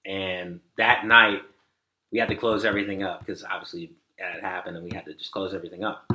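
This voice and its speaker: Brief: male podcast guest, lowish forceful voice, rambling storyteller full of fillers, echoey room. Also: flat delivery, fairly quick. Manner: rambling, many "like" fillers, acts out quoted dialogue. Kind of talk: casual storytelling.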